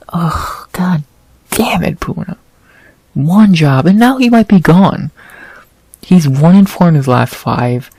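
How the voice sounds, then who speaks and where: A man's voice: fairly high pitch, slightly rough, no echo. Profane, exasperated man ranting on a dry mic. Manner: profane, exasperated, rising into loud frustrated rants. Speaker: podcast host recapping fights. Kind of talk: casual ranting recap.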